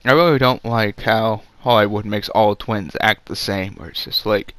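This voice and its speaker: A man's voice: on the low side, a little slow, a bit bright, no echo. A man giving a casual, rambling movie review, sarcastic and full of fillers.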